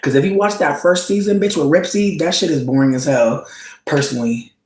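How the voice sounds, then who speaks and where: A man chatting casually, gossiping about reality TV in a slangy, campy style. His voice swings into high squeals when he quotes reactions. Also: fairly quick, roomy sound, poor audio. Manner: slangy, campy storytelling with frequent "bitch" and "like". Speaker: vlogger.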